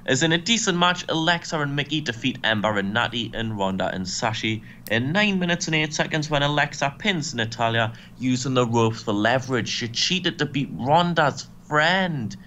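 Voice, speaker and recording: A young man co-hosting a casual game commentary, briskly recapping match results with dry asides. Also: medium pitch, expressive, pushed and bright, a little hiss or hum. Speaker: co-host and booker.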